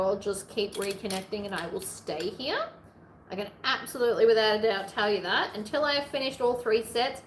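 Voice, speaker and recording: Woman, livestream host, casual sewing chat, playful, slightly hoarse, echoey room. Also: medium pitch. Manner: chatty and playful, narrating each step aloud. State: slightly hoarse from hours of talking. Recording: echoey room, faint background noise.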